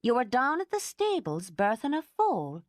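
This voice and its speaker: A woman's voice: on the high side, wildly swooping pitch, moderate pace, no room sound, clean studio sound, pitched above the performer's own voice. A woman reading an audiobook, voicing a fierce, protective older housekeeper who talks indignantly and fusses. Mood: fussing. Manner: indignant, fussing.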